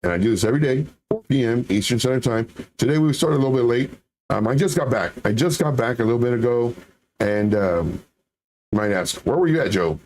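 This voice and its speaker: Casual male stream host, mid pitch, sarcastic and full of rhetorical questions. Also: lively intonation, fairly quick, darkish tone, slight background noise. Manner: sarcastic, rhetorical questions, reads chat aloud. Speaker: crypto trading livestream host. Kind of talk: casual livestream commentary.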